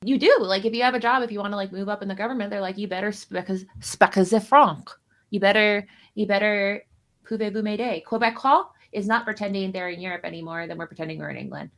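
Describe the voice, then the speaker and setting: A woman's voice: medium pitch, quick pace, hardly any pauses, fairly bright tone. Rambling, self-mocking woman streamer. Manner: rambling, self-deprecating, jokey. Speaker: streamer co-host. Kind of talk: casual stream chat about a card game.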